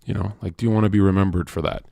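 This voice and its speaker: A man talking to his stream in a casual, animated and profane monologue, swinging between loud rants and quiet asides. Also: low-pitched, very fast, creaky, dry recording, clean studio sound.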